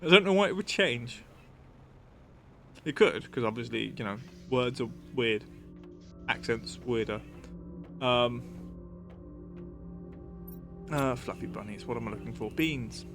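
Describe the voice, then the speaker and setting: A man's voice: mid-range voice, unhurried, creaky, pauses often, music in the background. A man streaming a game and chatting casually, musing aloud with lots of fillers and restarts. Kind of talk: casual live-stream chat.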